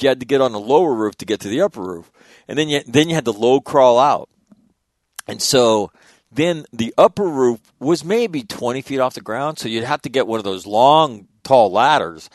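A man in his fifties telling stories in a casual chat, animated and chuckling mid-sentence, his voice jumping up at the punchlines. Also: dry recording, studio quality. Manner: animated storyteller, voice jumps high in punchlines.

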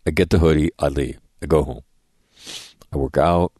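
A man's voice: a bass voice, fairly even intonation, moderate pace, dark tone, dry recording. A middle-aged man hosting a radio show, telling rambling, profane anecdotes and acting out the dialogue in a casual monologue.

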